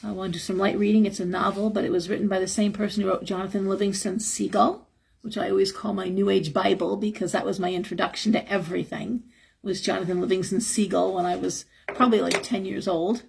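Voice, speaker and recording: A woman's voice: level tone, quick pace, vocal fry, slightly rough. A middle-aged woman hosting a live stream, giving frank spiritual advice in a chatty, casual way and sounding a little tired. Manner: chatty, frank, acts out quotes with a higher voice. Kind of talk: casual live-stream talk, reading chat.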